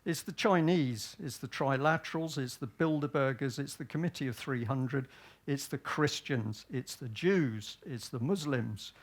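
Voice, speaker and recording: A man's voice: medium pitch, measured pace. A man from Britain giving a public talk, often asking himself rhetorical questions and answering them. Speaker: speaker at a public event.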